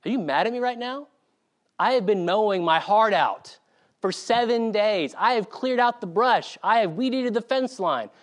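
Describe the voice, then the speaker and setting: A man acting out an indignant young man, protesting every point he makes, his voice pushed higher and lively as he defends himself. The tone stays exasperated and aggrieved throughout. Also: normal speed.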